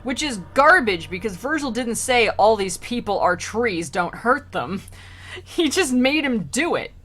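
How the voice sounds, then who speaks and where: A woman's voice: fairly high pitch, very animated, unhurried, fairly bright tone. A woman on a live stream reading old poetry aloud and retelling it with irreverent, slangy asides, laughing often.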